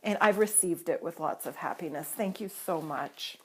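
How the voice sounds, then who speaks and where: Woman vlogger from Canada, excitable and gushing, casual chat filmed at home on a tripod camera. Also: fairly low pitch, normal speed, very noisy.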